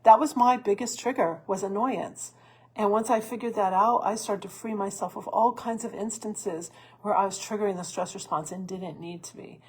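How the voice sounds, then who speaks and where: A woman host giving earnest coaching advice in a solo talk, with restarts and soft laughs. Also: medium pitch, moderate pace, husky. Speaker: stress coach and podcast host.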